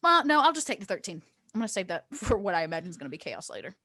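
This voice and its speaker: A woman's voice: mid-range voice, big pitch swings, very fast, pushed and bright, no room sound, clean studio sound. Chatty woman at the gaming table. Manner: chatty, laughing, drops to whispers in character. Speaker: player. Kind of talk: casual tabletop play.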